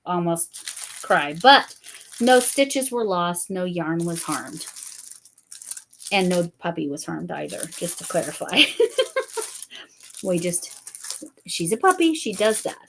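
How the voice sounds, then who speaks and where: A woman's voice: on the low side, very animated, takes it slowly, pauses often, fairly bright tone, a little hiss or hum. A middle-aged woman from the United States hosting a casual crafting chat, rambling and laughing often. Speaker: host, crafter.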